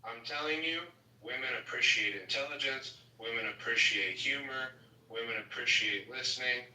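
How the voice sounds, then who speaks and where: A man's voice: medium pitch, moderate pace, pushed and bright. A man hosting a casual live audio chat, lecturing emphatically. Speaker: host. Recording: echoey, distant, faint noise.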